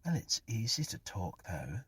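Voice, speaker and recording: A woman's voice: rumbling low, sing-song, measured pace, husky, no echo, voice pushed up, full character voice. A man voicing a sly, mocking dead young woman in a spoken ghost story, raised well above his own voice. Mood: teasing, goading. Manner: teasing, scornful, mischievous.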